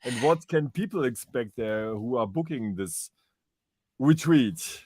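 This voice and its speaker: A man's voice: mid-range voice, lively intonation, a little slow, darkish tone, slightly rough, no room sound. Man, German native speaker, co-host, casual chat, hesitant questions, dry room.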